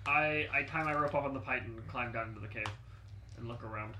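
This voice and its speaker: A man's voice: medium pitch, quick pace, sharp tone. A man playing a tabletop game, joking and teasing in a casual chat. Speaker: player. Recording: noticeable background noise.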